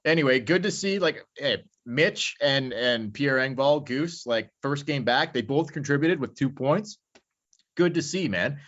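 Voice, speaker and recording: A man's voice: mid-range voice, animated, a little slow, fairly bright tone. A man co-hosting a hockey podcast in loose, rambling casual chat, swearing freely. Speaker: podcast co-host. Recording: slightly dull lo-fi audio.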